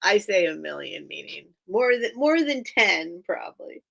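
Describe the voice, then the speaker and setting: A woman with a mid-range, gravelly voice and big swings in pitch speaks a little slowly. She's hosting a live online sale, rambling casually as she shows off her items and frequently dissolving into giggles.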